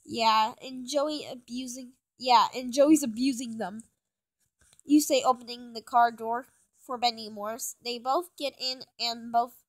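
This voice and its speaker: Teen girl reading a fanfic out loud, high voice, trips over words a lot. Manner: stumbling amateur reading with many restarts. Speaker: fan fiction reader. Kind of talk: reading a fan story aloud.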